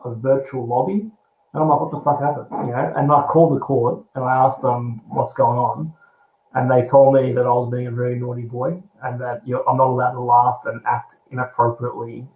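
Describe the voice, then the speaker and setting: An Australian man chatting over a video call, animated and repeating words as he searches for them. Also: medium pitch, a little fast, roomy sound, poor audio. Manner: animated, repeats himself while finding words. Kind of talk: casual chat.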